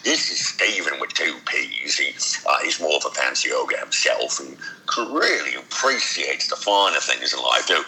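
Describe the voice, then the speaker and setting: A man voicing a refined, fancy male ogre who speaks in a posh, measured way. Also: rumbling low, big pitch swings, pushed and bright, voice pushed down, exaggerated voice, poor audio.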